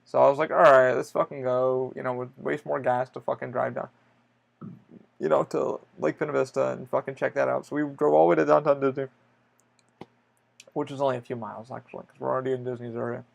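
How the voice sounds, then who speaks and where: A man's voice: mid-range voice, fast talker, creaky, lo-fi sound. A man hosting a podcast on his own, telling a long story in a casual, rambling way and swearing often. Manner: swears a lot, rambling and animated. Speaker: podcast host. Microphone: podcast microphone.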